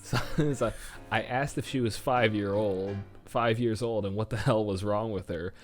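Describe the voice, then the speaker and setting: A man's voice: on the low side, fairly even intonation, moderate pace, faint music behind. A young man co-hosting a casual comedy podcast, swearing freely, laughing often and reading a story aloud. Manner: crude, laughing, reads a story aloud and acts out voices. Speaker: podcast co-host.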